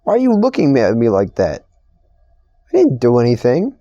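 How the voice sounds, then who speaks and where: A man's voice: medium pitch, wildly swooping pitch, normal speed, mellow, dry recording, lo-fi sound, soft background music. A young man hosting a casual solo podcast, rambling and swearing in an exasperated rant about strangers. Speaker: podcast host. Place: store receiving area.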